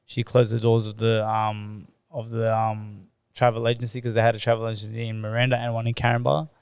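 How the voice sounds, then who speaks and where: A man's voice: lowish voice, completely flat delivery, brisk, clear, resonant tone, dry recording. An Australian man in his thirties, a podcast guest telling a painful personal story in loose, conversational speech, often replaying past conversations as dialogue. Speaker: podcast guest, former boxer.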